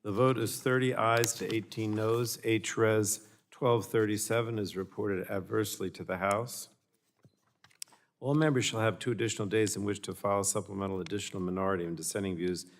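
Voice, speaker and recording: A man chairing a committee session, calling votes and reading procedural motions in a brisk, matter-of-fact tone. His voice sits fairly low. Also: steady tone. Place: large committee hearing room.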